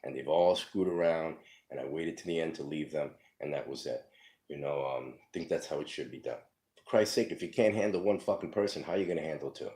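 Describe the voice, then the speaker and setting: A man's voice: a bass voice, fairly quick, mellow. A man telling his life story casually, profane and rambling, full of fillers, acting out the people in his stories.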